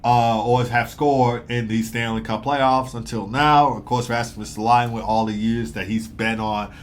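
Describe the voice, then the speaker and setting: Fast-talking young man recapping hockey. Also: mid-range voice, a little hiss or hum. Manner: fast, rambling, excitable with fillers. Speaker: sports commentator.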